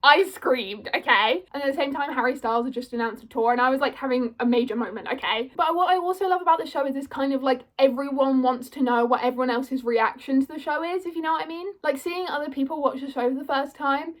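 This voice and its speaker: A twenty-year-old British woman rambling excitedly to camera as a fan, gushing and full of fillers. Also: high voice, quick pace, hardly any pauses. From Britain. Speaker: vlogger.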